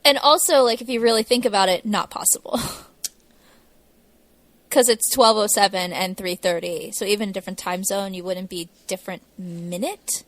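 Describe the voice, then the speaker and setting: A woman co-hosting a podcast from home, chatting casually with quick asides and laughs. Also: mid-range voice, no room sound. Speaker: podcast co-host. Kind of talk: casual chat recapping a TV episode. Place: home, a cat snoring nearby. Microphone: home podcast mic.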